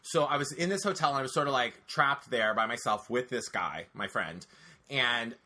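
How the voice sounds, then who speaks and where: A man telling a personal story on a casual podcast, animated and profane, talking straight to his listeners. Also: mid-range voice, normal speed.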